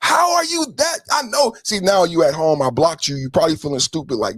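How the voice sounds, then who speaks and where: A man's voice: sing-song, a little fast, hardly any pauses, no echo. Combative, profane man ranting at viewers. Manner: emphatic repetition, swings between loud and low. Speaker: podcast host. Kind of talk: livestream political rant.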